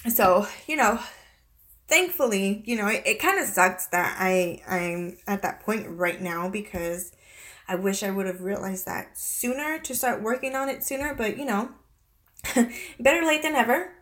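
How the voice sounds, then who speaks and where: A woman in her thirties talking to her viewers in a personal confessional vlog, halting and close to tears, with many restarts and fillers. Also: medium pitch, fairly bright tone. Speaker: vlogger.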